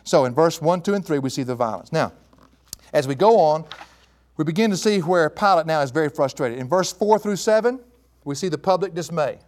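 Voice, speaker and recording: Male preacher, sermon delivery, high-pitched and highly expressive, addresses the listeners as folks. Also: fairly quick. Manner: animated, asks the listeners questions and calls them folks. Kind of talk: expository sermon.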